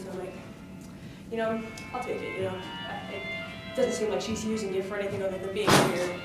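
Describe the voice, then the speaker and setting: A woman's voice: mid-range voice, little pitch movement, fairly quick. Chatty woman in an echoey room. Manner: chatty, full of fillers like "like" and "you know". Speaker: student retelling a play in character. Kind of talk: casual in-character retelling. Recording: echoey room, voice far from mic, music behind.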